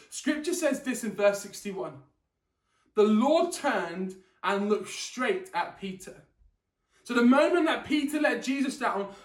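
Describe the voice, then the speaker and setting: A man preaches a sermon in a loose, conversational way, often restarting his words and putting questions to his listeners. His voice is high. He stands away from the mic in an echoey church hall. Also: a bit bright. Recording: echoey room, distant mic.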